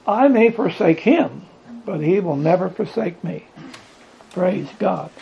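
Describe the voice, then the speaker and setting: A man's voice: high voice, animated, takes it slowly, gravelly, dull audio, a little hiss or hum. A man teaching from the Bible to a small group, reading scripture aloud, asking questions and building emphasis on repeated lines. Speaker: preacher.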